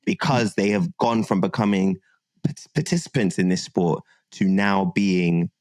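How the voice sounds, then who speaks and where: A man's voice: low voice, unhurried, dry recording. A man who makes car content, a guest on a podcast, chatting casually with lots of slang and frequent laughter. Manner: animated, laughs often, slangy.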